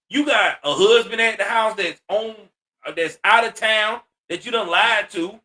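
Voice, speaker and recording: A man's voice: sits high, a little slow, bright, forceful tone, distant mic. A man ranting in blunt, profane social commentary, exasperated and direct. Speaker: commentary host.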